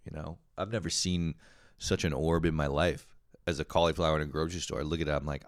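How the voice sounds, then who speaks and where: A man's voice: sits low, lively intonation, fast, no room sound, studio quality. A man hosting a podcast, talking in a rambling, profane casual monologue full of fillers. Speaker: podcast host.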